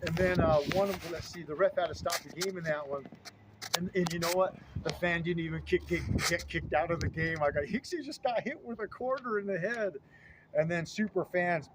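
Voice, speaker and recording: A man's voice: a little high, dull audio. A man in his fifties from Southeast Alaska, hosting a casual, nostalgic vlog and listing old names with rambling enthusiasm. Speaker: vlog host. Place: outdoors in front of a fieldhouse. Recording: loud outdoor traffic noise. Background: loud street and traffic noise.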